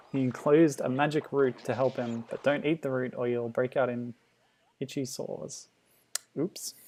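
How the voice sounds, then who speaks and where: A man streaming a game, chatting in a relaxed, amused way and answering chat comments. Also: medium pitch, unhurried, long pauses, slight background noise. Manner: chatty, amused, laughs often, reacts to the game. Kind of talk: casual gameplay commentary.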